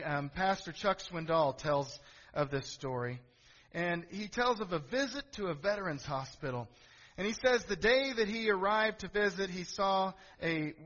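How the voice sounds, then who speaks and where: High-voiced preacher in an echoing hall. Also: male voice, fairly bright tone. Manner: storytelling with asides, rising to emphatic preaching. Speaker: pastor. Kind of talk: sermon. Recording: echoey hall, dull lo-fi sound.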